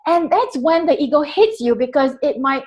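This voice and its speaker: A woman guest telling a personal story in a candid, animated way, acting out her own inner voice and swearing freely. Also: sits high, normal speed, poor audio.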